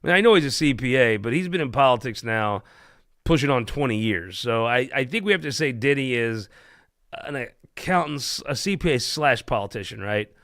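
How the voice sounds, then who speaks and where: A man hosting a political talk show tells jokes in a rambling, irreverent way and laughs at his own punchlines. His medium-pitched voice is a bit bright, with lively intonation and a moderate pace.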